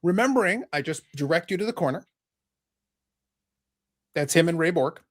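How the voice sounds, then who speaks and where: A man's voice: on the high side, animated, moderate pace. A man hosting a live podcast, talking casually in a rambling, sarcastic, joking way. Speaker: podcast host.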